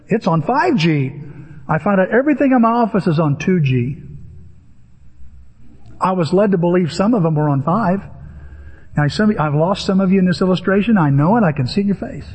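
Older male pastor, high and lively delivery, lots of swoops, story-driven sermon. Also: moderate pace, husky, in a large hall. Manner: animated storytelling with acted-out voices.

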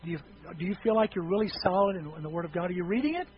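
A pastor preaching a sermon, moving from quiet, conversational talk to impassioned shouting and acting out prayers. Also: male voice, sits high, lively intonation, rapid-fire. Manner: acts out prayers and dialogue. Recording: dull lo-fi with faint noise.

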